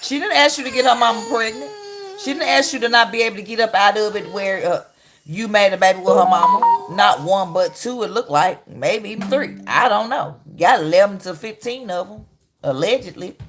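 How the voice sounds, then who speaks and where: A woman's voice: medium pitch, fairly quick, music in the background. A woman in her thirties hosting a casual livestream, reacting in a blunt, mocking and heated way. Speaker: livestream host. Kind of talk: casual live-stream commentary.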